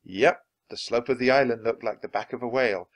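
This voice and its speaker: A man reading a children's chapter book aloud in an expressive, animated way. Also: medium pitch, brisk. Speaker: audiobook reader.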